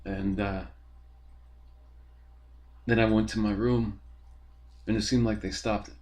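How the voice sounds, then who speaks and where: A man hosts a podcast from his apartment, his voice fairly low in pitch with a darkish tone. He delivers a casual ranting monologue that rambles, swears, and sounds exasperated.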